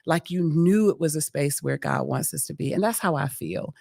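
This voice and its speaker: A woman's voice: sits low, moderate pace, creaky, no echo, studio quality. A middle-aged woman hosting a podcast, chatting casually and gratefully with a guest, laughing often. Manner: warm, grateful, expressive with laughs. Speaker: podcast host. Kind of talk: casual interview chat.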